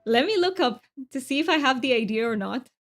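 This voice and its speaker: Scattered, chatty woman streamer, high-pitched. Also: lively intonation, a little fast, faint music behind. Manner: scattered and self-interrupting, repeats words often. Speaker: live streamer. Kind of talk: casual live-stream chat while drawing.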